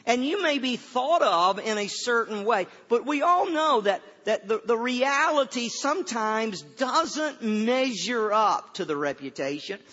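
A man's voice: very high-pitched, expressive, a little slow, few pauses, sharp tone. An older man, a pastor, preaching a folksy sermon and often repeating his first words before a thought. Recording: dull sound with long hall reverb.

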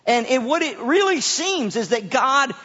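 High-voiced guy preaching, lots of stammered repeats, echoey hall, kinda muffled. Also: sing-song, sharp tone. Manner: halting, repeats words often. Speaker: pastor. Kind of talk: sermon.

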